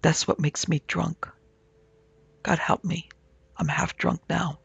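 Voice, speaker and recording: A man voicing a delirious, drunken young man who talks in hushed, peevish, pleading tones. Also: on the high side, flat delivery, slow, vocal fry, husky, no room sound, highs cut off, full character voice. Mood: feverish, haunted.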